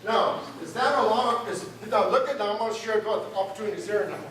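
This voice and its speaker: A man's voice: sits high, quick pace, fairly bright tone, slight background noise. A man preaching a sermon to his congregation, conversational and joking with them. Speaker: pastor. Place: church sanctuary. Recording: roomy church sound from a distance. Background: guitar music.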